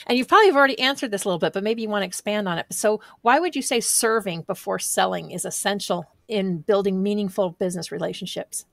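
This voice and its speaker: A woman's voice: medium pitch, quick pace, gravelly, few pauses, a bit bright, no echo, studio quality. A woman hosting a podcast interview, affirming her guest and asking open questions. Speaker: podcast host. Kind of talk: conversational interview.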